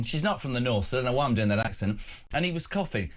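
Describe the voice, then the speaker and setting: A man's voice: a little high, very animated, quick pace. A man hosting a live breakfast radio show, telling jokey anecdotes and chatting with callers and guests. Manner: jokey anecdotal storytelling, mimics voices.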